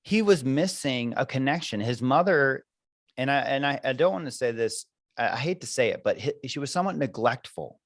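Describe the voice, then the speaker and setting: A man's voice: mid-range voice, animated, fairly quick, no room sound. A man who coaches parents, talking earnestly and reflectively in a podcast conversation, with many fillers.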